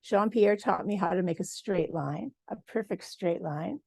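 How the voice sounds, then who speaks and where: A woman from Michigan, a textile artist, giving a lively personal talk at a symposium and acting out quoted dialogue. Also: lowish voice, normal speed, creaky, husky, dry recording. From Michigan, USA. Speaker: guest speaker, textile artist.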